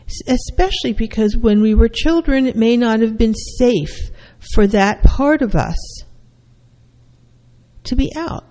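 Slow-speaking therapist, long hall reverb. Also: mid-range voice, lively intonation, a little mellow. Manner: measured, with frequent fillers and restarts. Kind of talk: explanatory talk to an audience.

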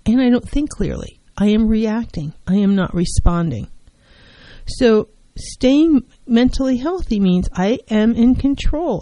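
A woman's voice: on the high side, warm tone, dry recording, low-quality recording. A woman therapist giving an earnest self-help talk on mental health, driving her points home by repeating key phrases.

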